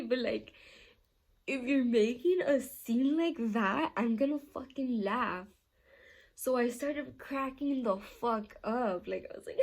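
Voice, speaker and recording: A woman's voice: a little high, measured pace. A young woman vlogger telling a story in a casual Q&A, rambling and swearing often, with lots of filler words. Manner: animated, laughing while telling the story.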